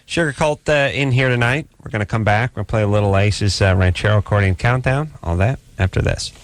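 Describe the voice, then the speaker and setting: A man's voice: on the low side, fast talker, slight background noise. Ranting, mock-outraged radio host man. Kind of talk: fast comic radio banter. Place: radio studio. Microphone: studio microphone.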